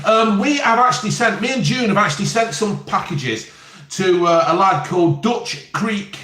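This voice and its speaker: A chatty man in his fifties hosts a casual live stream, reading out comments and cracking jokes. His voice sits a little high, and the room around him rings with echo. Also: expressive, moderate pace, pushed and bright. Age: 50s. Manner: chatty, jokey, reads viewer comments aloud.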